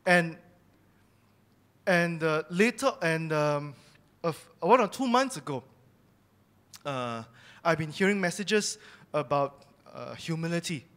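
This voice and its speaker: A young man with a notably high voice tells a personal church testimony. He speaks candidly and confessionally, admitting his own faults as he shares his story. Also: expressive, takes it slowly, long pauses, a bit bright.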